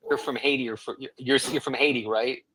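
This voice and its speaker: A man's voice: medium pitch, fairly even intonation, fast talker, over a noisy crowd, poor audio. A man in a casual online chat who speaks directly, correcting another speaker but reassuring him. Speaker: participant in online discussion.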